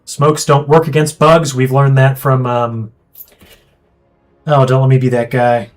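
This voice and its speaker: A man streaming a strategy game, chatting casually and thinking aloud with quick asides. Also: mid-range voice, flat delivery, faint music behind. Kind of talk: casual gameplay chat.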